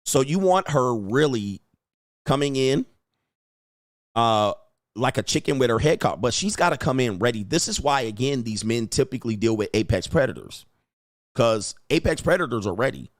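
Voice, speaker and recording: A man hosting a livestream, talking bluntly and crudely in a lecturing way and acting out quoted women in a higher voice. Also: expressive, moderate pace, no echo, studio quality. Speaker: host. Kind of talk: livestream commentary.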